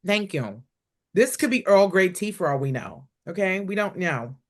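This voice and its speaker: A woman's voice: fairly low pitch, expressive, moderate pace. A woman hosting a comedy review show in a loose, chatty way. She rambles playfully and jokes with her guest. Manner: chatty, playful, self-promoting. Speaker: host. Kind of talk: casual chat.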